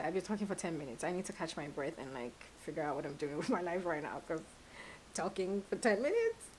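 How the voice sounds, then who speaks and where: A woman's voice: lowish voice, darkish tone, a little hiss or hum, low-quality recording. A woman in her twenties chatting casually at home in a rambling, giggly vlog. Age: 20s. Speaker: vlogger. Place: home kitchen.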